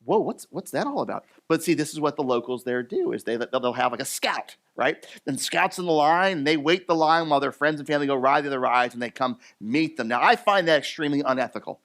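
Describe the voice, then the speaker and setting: A male pastor from the US East Coast, telling a story in his sermon in a chatty, animated way with many fillers and restarts. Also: on the high side, fast, few pauses. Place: church.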